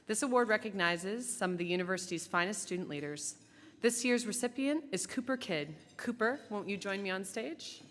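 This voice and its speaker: A woman's voice: medium pitch, a little fast, in a large hall. A woman presenting an award on stage, reading the citation in an enthusiastic way. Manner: warm, enthusiastic, reading from a script. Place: large event hall.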